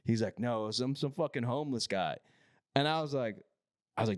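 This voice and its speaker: A man on a podcast telling a rough, profane story about a work site, often acting out the other people's lines. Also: medium pitch, a little fast, very noisy. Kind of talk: casual storytelling.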